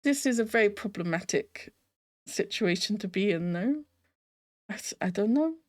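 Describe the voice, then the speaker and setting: A woman's voice: mid-range voice, lively intonation, normal speed. A woman hosting a casual reaction video, chatty and emotionally invested, often laughing and tossing rhetorical questions to the viewer. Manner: talks straight to the viewer with rhetorical tag questions.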